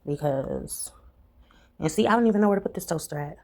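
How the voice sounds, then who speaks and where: A young adult woman, chatting casually to camera at home as a vlogger and telling stories in a lively way. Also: low-pitched, fairly quick, low-quality recording. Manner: chatty storytelling, animated when retelling. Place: home, indoors.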